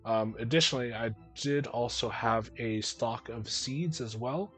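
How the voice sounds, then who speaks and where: A man's voice: mid-range voice, measured pace, fairly bright tone, faint music behind. A man running a tabletop game as game master, narrating scenes casually with lots of fillers.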